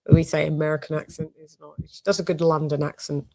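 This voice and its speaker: A woman's voice: deep voice, level tone, quick pace, mellow. A young woman from the UK hosting a casual live-stream boxing show, loose and jokey, swearing and drifting between topics. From United Kingdom.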